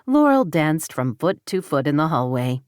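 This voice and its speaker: A woman with a low, deep voice reads an audiobook romance in steady scripted narration. The delivery is even, and the sound is dry and close with no room around it. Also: normal speed, clear, resonant tone, dry recording.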